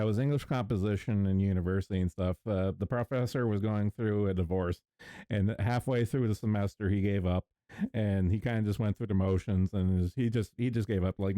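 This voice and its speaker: A man from Canada telling rambling stories in casual chat, with a lowish voice and a mellow, soft tone. The sound is close and dry. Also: dry recording. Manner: rambling anecdotal storyteller.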